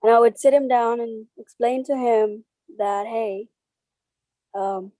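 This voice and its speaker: A woman speaking as an interview guest over a video call, slow and halting, getting tearful at times. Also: on the high side, steady tone, dark tone, no echo, poor audio.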